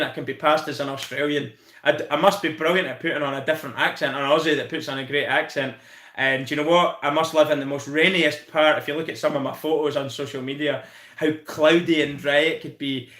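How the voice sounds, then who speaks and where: A Scottish man talks on a live stream with a somewhat high voice, rambling along excitably and cursing as he goes. His voice carries a roomy echo. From Scotland. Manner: excitable, rambling, swears freely. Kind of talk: casual live-stream chat.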